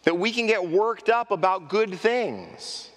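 A man's voice: high voice, slow. A male pastor delivers a sermon in a church, his voice swinging widely up and down as he acts out quoted lines. He keeps turning to the congregation with direct questions. His voice carries a long echo from the sanctuary. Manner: animated preaching, acting out quoted speech. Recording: echoey hall reverb.

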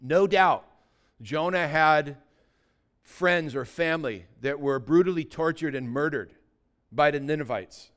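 A man preaching a sermon, telling a scripture story with lively asides and acted-out quotes. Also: a little high, a little slow. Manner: animated storytelling, acting out quotes. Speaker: pastor.

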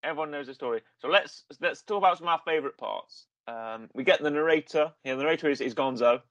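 A man's voice: fairly high pitch, quick pace, fairly bright tone, no room sound, muffled recording. A man co-hosting a casual film-review podcast. He talks enthusiastically and rambles, with many restarts. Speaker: podcast co-host.

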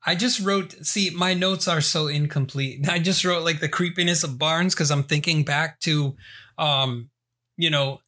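A man co-hosting a film podcast, relaxed and laughing, swearing casually as he talks. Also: a little high, measured pace. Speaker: podcast co-host. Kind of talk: casual film review chat.

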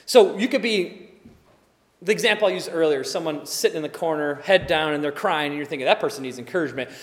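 Animated forty-year-old preacher, high voice. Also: male voice, brisk, long reverb tail. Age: 40s. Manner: animated, acts out little scenes, drops to soft murmurs. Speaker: pastor. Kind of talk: sermon.

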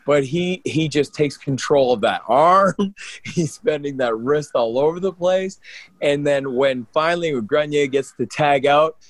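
A man, a pro wrestler and co-host, telling stories in an animated, rambling way with lots of restarts. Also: fairly high pitch, measured pace, dry recording. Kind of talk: casual storytelling on a podcast.

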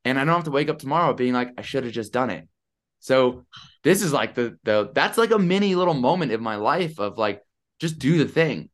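A man in his thirties, a podcast guest telling a story in a chatty, animated way over a video call. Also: mid-range voice. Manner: animated, chatty, lots of "I'm like". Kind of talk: casual storytelling.

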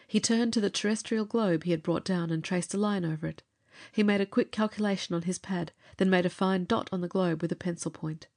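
Brief: female audiobook narrator, lower-pitched, steady dramatic reading. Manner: measured, expressive storytelling.

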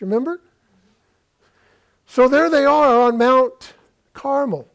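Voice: sits high, slow, pauses often. Preacher for a sermon: takes their time, retells scripture as a story and keeps asking the congregation questions. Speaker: pastor.

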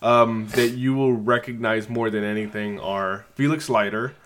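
A man's voice: lowish voice, steady tone, normal speed, fairly bright tone, slight background noise. A man co-hosting a podcast, walking through a film's plot in casual chat and laughing easily. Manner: explains plot points at length, laughs easily. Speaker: podcast co-host. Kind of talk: casual film recap chat.

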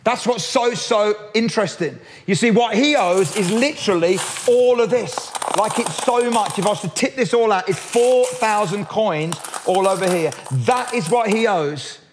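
A man preaching a sermon in a lively, jokey way, often restarting his sentences. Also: high-pitched, moderate pace, few pauses, slight background noise. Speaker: pastor.

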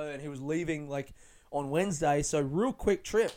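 Smooth-voiced young man, rambling casually. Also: fairly high pitch, fairly quick, darkish tone. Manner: rambling, lots of "like" and restarts, casual swearing. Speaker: stand-up comedian. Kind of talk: casual reflective vlog talk.

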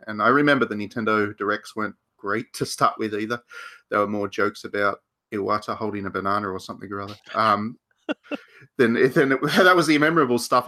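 A man on a casual podcast panel with a lowish voice that rings bright and forceful. He rambles thoughtfully and restarts his sentences often.

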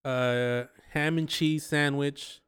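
Smooth-voiced man, fairly high, crude storyteller, podcast host. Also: steady tone, a bit bright. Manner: crude, storytelling, drawn-out laughs. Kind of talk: casual drinking chat.

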